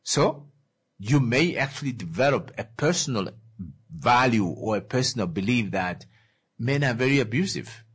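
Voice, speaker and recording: Husky guy lecturing, voice goes up and down a lot, keeps asking if you get it. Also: medium pitch, animated, moderate pace, a bit bright. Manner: asks the listener questions, gives worked examples. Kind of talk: explanatory lecture.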